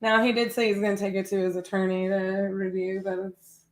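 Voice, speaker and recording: A woman's voice: mid-range voice, little pitch movement, fairly quick, a little hiss or hum. A woman with a blended Midwestern and Southern US accent, a real estate wholesaler hosting a livestream and talking friendly and rambling, often restarting her sentences. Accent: mix of Midwestern and Southern US. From Northwest Ohio, raised in Texas from age eleven. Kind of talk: livestream chat and sales phone call.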